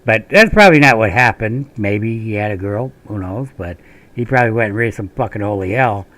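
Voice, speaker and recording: A man's voice: fairly low pitch, animated, fairly quick, a bit bright. A man from Minnesota who hosts a gaming channel, telling a long, rambling, profane story while he plays. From Minnesota, USA. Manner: profane, rambling, laughs often.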